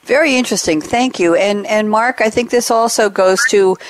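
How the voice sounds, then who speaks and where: A woman hosting a talk show, upbeat and lively, introducing guests and reading quotes. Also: mid-range voice, normal speed, a little hiss or hum. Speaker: host. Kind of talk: podcast host chat.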